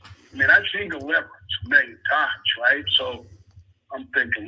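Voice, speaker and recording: An older man speaks with a husky, sharp-edged voice as a podcast guest. He tells stories in a relaxed, chatty way and talks straight to the host. He slips into other people's voices when he quotes them. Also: mid-range voice, moderate pace, rough recording. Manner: animated storyteller who acts out quoted people. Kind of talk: casual interview storytelling.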